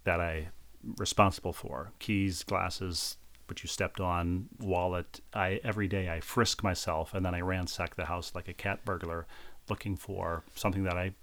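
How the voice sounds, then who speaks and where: Gravelly guy in his 40s, low voice, rambling self-deprecating podcast stories. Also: fairly even intonation, moderate pace, a bit bright. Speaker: podcast co-host. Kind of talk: casual chat.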